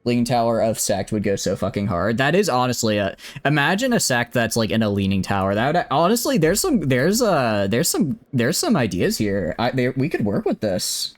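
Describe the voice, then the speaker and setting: A man's voice: mid-range voice, big pitch swings, moderate pace, hardly any pauses. A man streaming a strategy game live, rambling and correcting himself as he chats with viewers. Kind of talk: live gameplay commentary.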